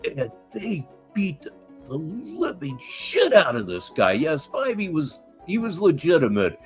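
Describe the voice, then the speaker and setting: A man hosts a live stream and mocks a clip, swearing freely as he goes. His pitch swings in a lively way. Faint music plays behind him. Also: measured pace. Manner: mocking, scornful, swears freely. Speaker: stream host reacting to clips. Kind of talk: profane live-stream commentary.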